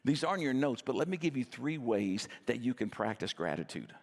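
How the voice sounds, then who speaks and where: Middle-aged guy preaching, chatty and jokes about himself, kinda gravelly voice. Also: mid-range voice, sing-song, brisk, big-room sound. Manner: conversational storytelling, self-deprecating. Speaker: pastor. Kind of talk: sermon.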